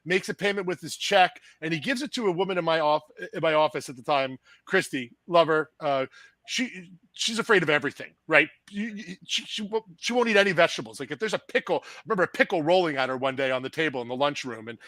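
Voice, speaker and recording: A man, an insurance agent telling a wild story in casual podcast chat, animated and salty, building to loud bursts. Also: a little high, quick pace, no room sound. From New Jersey.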